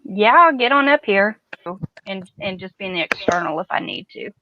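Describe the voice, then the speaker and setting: A woman's voice: mid-range voice, expressive, normal speed, muffled recording, noisy background. A woman joining a casual livestream as a panelist, playful and teasing as she greets viewers.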